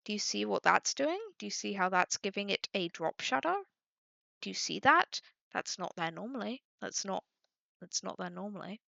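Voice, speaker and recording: A woman's voice: mid-range voice, animated, moderate pace, creaky, sharp tone, dry recording. A young woman streaming, chatting casually to her viewers, exasperated and swearing often. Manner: exasperated, swearing, talking to chat. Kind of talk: casual livestream chat. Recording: dull lo-fi dry mic.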